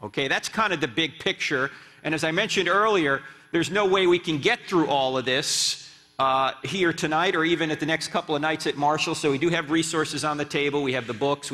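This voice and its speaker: A man, a guest speaker and apologist, giving a lively lecture in a church, firing rhetorical questions at the crowd and dropping joking asides. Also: fairly high pitch. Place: church sanctuary. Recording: long reverb of a church hall.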